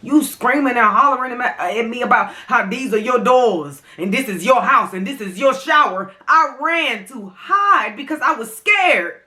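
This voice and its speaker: Woman vlogger, bright forceful voice, impassioned, higher pitched, talks to viewers. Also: animated, moderate pace, few pauses. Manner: impassioned, speaks straight to viewers. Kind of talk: emotional mukbang commentary.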